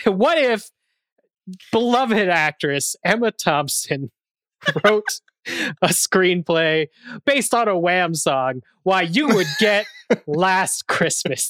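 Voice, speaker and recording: A man's voice: high-pitched, fairly bright tone, smooth, no echo. A man co-hosting a podcast in casual chat, making dry, wry quips. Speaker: podcast co-host.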